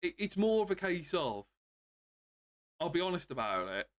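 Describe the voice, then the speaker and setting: A man streaming games, chatting casually and more quietly than usual because of bruised ribs, chuckling often. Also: high-pitched, moderate pace. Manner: subdued, calmer than usual, with frequent chuckles. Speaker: game streamer. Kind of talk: casual live-stream chat.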